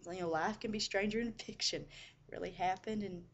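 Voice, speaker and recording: A woman's voice: mid-range voice, steady tone, moderate pace, muffled recording, a little hiss or hum. A woman casually telling a personal story, chatty and full of "you know" asides.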